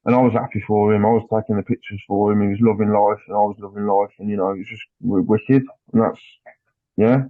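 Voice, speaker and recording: A man guest on a podcast, telling a story in casual chat, animated and swearing, acting out what people said. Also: fairly low pitch, quick pace, no room sound. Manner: animated, swears, acts out dialogue. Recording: dry tinny phone-like line.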